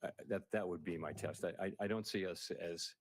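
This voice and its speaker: A man's voice: sits low, fairly quick, dry recording. A man speaking as a central bank chair at a press conference, giving formal answers that halt with many restarts and fillers. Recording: archive press conference broadcast.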